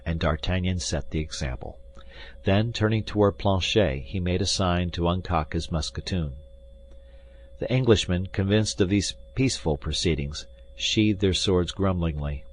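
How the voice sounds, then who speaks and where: A man reading a classic adventure novel aloud as an expressive audiobook narrator. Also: low voice, moderate pace. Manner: expressive storytelling. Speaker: audiobook reader.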